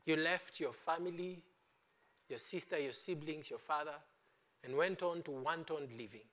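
A man preaching a sermon, passionately declaring, then dropping to hushed pleading with his congregation. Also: on the high side, moderate pace. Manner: impassioned, swings from loud declaring to hushed pleading.

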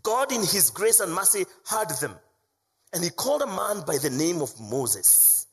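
A man preaching a sermon as pastor, swinging from loud, raised emphasis down to low, quiet lines. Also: sing-song, unhurried, slightly rough.

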